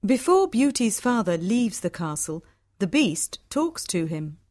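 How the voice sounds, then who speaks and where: Slow measured woman narrating a storybook. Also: medium pitch, big pitch swings, darkish tone, no room sound, clean studio sound.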